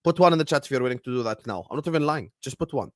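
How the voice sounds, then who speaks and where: Loud, ranting young man. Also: medium pitch, animated, very fast, no room sound. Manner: exaggerated, repetitive, mock-pleading, loud outbursts. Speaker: football channel host. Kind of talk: animated solo football rant to a live chat.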